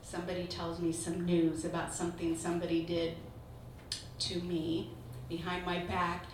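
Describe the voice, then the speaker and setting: A woman teaching a Bible study, telling personal stories in a lively, laughing way. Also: fairly low pitch, moderate pace. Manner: lively storytelling, laughing through anecdotes. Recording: echoey room from far off, noisy.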